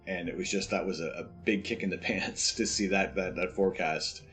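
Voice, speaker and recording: A Canadian man with a deep, low voice talks easily and casually on a live stream. He reads viewers' questions aloud and answers them in an unhurried, chatty way. Soft music plays faintly behind him. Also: fairly even intonation.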